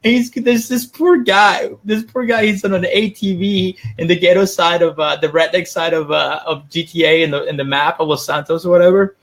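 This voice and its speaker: Man retelling a story, animated. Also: high-pitched, normal speed, few pauses. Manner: animated storytelling, laughing often. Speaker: podcast co-host. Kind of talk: casual chat.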